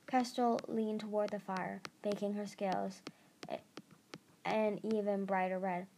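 A woman's voice: medium pitch, steady tone, normal speed, creaky, a little mellow. A woman narrating an amateur audiobook reading, stumbling over words and restarting.

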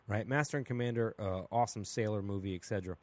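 A man hosting a solo podcast, talking through his opinions in a casual, blunt and animated way, asking "right?" again and again. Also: lowish voice, fast talker. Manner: casual and blunt, with mild swearing. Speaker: podcast host.

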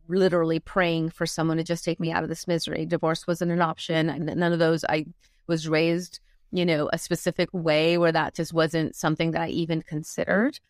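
In a clean studio recording without echo, a motivational speaker and coach shares her life story openly during an interview. She speaks earnestly and thoughtfully in a low-sitting voice, with many pauses.

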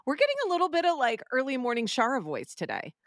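A woman with a fairly high voice hosts a casual faith podcast. She is chatty and upbeat and laughs easily. The sound is close and dry, with no room ring. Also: wildly swooping pitch, fast, a bit bright, dry recording. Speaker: podcast co-host.

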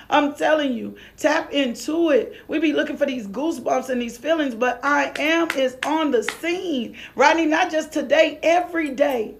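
Woman preacher, high pitched with a gravelly edge, fired up and repeating herself. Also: moderate pace, hardly any pauses. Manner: fervent, repetitive calls, breaks into tongues. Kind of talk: sermon.

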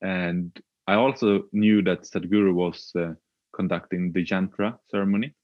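Young guy, really low voice, halting and unsure, dull lo-fi sound. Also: steady tone, no echo. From Sweden. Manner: hesitant, halting, with frequent filler sounds. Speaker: podcast guest. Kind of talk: reflective personal storytelling.

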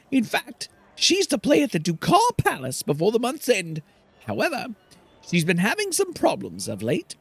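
A man's voice: high-pitched, a bit bright, breathy edge, no room sound, voice pushed up, exaggerated voice. A man doing an eager young servant. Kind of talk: reading game dialogue aloud.

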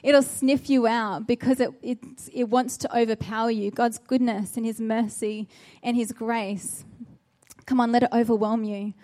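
A woman's voice: a little high, fairly even intonation, normal speed, mellow. A woman preaching a sermon, earnest and exhorting, with a run of searching rhetorical questions.

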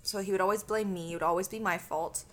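A woman from Canada chats casually as a podcast co-host, telling stories with lively energy and frequent swearing. Her voice sits at a middle pitch. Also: fast talker. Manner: animated storytelling, swears freely. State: itchy. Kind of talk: casual chat.

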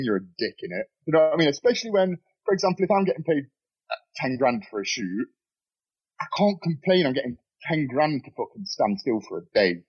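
Husky, animated young man. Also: medium pitch, highs cut off. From Nottingham, England. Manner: swears freely, animated storytelling with laughs. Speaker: podcast guest, model. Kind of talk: casual chat. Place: bedroom.

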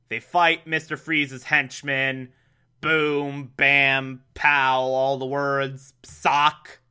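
A man's voice: medium pitch, sharp tone, clean tone. A man giving a sarcastic, incredulous recap of an episode, mocking the plot and swearing. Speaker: comedic recapper.

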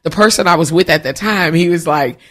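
Woman podcast guest, animated and chatty, voice recovering from vocal cord surgery. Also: on the low side, brisk. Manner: animated, laughs often. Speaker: guest actress. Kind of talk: casual podcast chat.

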